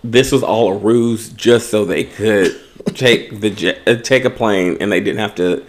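A man co-hosting a podcast in casual chat, recapping reality TV with dry quips and quick agreement. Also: fairly low pitch. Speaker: podcast co-host.

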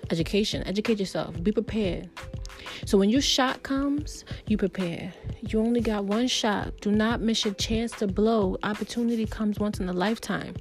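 A woman's voice: medium pitch, moderate pace. Woman vlogger, casual motivational rant, emphatic and preachy, faint music bed. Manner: emphatic, preachy, conversational with many fillers. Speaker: vlogger giving life advice. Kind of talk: casual motivational talk to camera.

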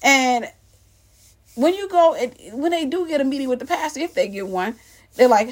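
A woman giving emphatic, animated commentary on church culture and acting out the people she mocks. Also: high-pitched, moderate pace.

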